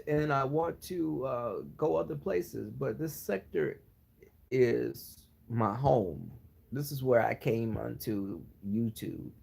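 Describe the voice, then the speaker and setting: A man's voice: on the high side, gravelly, darkish tone, slightly rough. A man on his channel chatting casually with viewers, gossipy and frank with his opinions. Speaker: YouTuber answering viewers. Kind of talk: casual live-stream chat.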